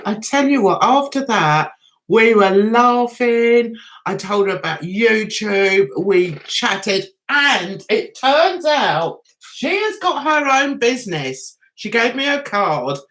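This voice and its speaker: A middle-aged English woman telling a chatty, animated story on her livestream, laughing at herself. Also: fairly high pitch, slow pace. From England. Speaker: YouTuber.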